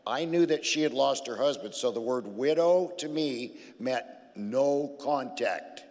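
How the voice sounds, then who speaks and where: A man's voice: mid-range voice, animated, unhurried, darkish tone, in a large hall. A man giving a personal testimony on a church stage, blunt and joking as he tells his side. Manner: blunt, joking, interjects into her story. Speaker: guest speaker telling his story.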